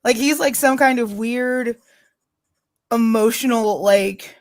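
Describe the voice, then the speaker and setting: A woman's voice: a little high, slow, no room sound, clean studio sound. A woman co-hosting a casual chat show, blunt and profane, with a joking, offhand way of talking. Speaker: podcast co-host.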